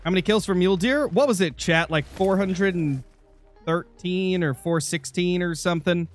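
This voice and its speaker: A young man with a high-sitting voice speaks at normal speed over soft background music. In this live gaming stream of a hunting game, he chats casually and answers viewers, all while nursing a dry, sore throat.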